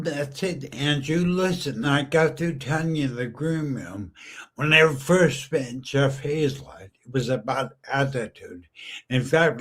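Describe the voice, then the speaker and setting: A man hosting a podcast interview, enthusiastic and full of praise for his guest. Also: mid-range voice. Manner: enthusiastic, complimentary. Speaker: podcast host. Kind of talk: casual interview.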